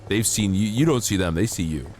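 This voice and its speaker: A man's voice: on the low side, animated, brisk, darkish tone, faint music behind. A man streaming a game, chatting casually and playfully with his chat, teasing and mock-outraged, laughing often. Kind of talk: casual live-stream chat while gaming.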